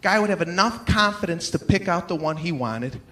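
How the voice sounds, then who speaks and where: A male stand-up comedian telling stories in an exasperated, animated way on a large theater stage. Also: sits high, moderate pace. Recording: echoey theater with long reverb and audience noise.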